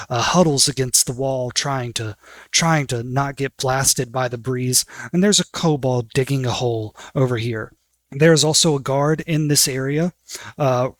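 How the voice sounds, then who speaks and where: A man's voice: mid-range voice, no room sound, clean studio sound. Laid-back male game master. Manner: loose, filler-heavy narration. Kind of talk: narrating a tabletop game.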